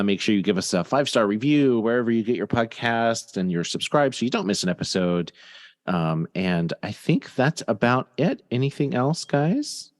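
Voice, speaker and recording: A man's voice: mid-range voice, long reverb tail. A man hosting a podcast, chatting casually and laughing often as he wraps up the episode. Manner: laughing often, relaxed sign-off with fillers. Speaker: podcast host.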